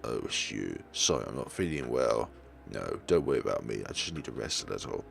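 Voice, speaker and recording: Man voicing a weary sick master, very deep and husky-edged. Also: sing-song, fairly quick, soft background music, heavily acted. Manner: low, tired, quiet. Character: ailing master, weak and dismissive.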